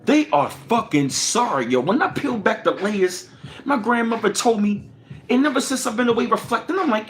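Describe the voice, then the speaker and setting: A man hosting a livestream, ranting angrily and profanely with lots of repetition, swinging between loud bursts and low mutters. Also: expressive, normal speed. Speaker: livestream host.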